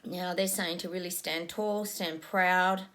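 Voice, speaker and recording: A woman's voice: fairly low pitch, fairly even intonation, unhurried, a bit bright. A woman giving a casual psychic reading, musing aloud with frequent ums as she describes what she is being shown.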